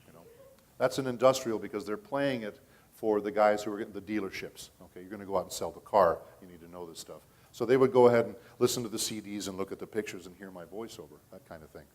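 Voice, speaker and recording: Chatty low-voiced man at a panel. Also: fast talker, darkish tone. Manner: storytelling, chatty, checks in with the audience with "okay?". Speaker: voice actor and convention panelist. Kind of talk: casual panel talk. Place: convention panel room.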